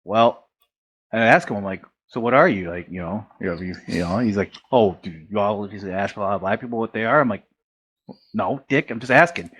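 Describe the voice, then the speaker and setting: A man's voice: fairly low pitch, fairly quick, a bit bright, slightly rough. An American man, a podcast guest, telling rambling, profane stories and quoting friends along the way. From United States. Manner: rambling, profane, retells dialogue with quoted voices. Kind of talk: casual storytelling.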